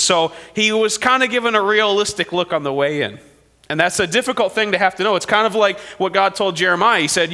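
A man preaching a sermon, retelling the story with animated delivery and voices for the people he quotes. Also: high-pitched, quick pace, creaky, big-room sound. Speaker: pastor.

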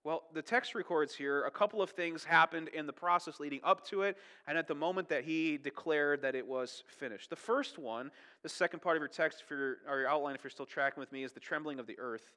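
A man's voice: fairly high pitch, fairly quick, sharp tone, big-room sound. A man preaching a sermon in a chatty, conversational way, often checking in with "right?" and "okay?". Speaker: pastor.

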